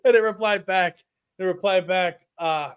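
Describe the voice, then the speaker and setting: A man's voice: sits high, normal speed, clean tone, dry recording. A man in his thirties co-hosting a podcast, telling a story in casual chat and acting out the quotes on a close mic. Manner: animated storyteller, acts out quotes. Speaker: podcast co-host.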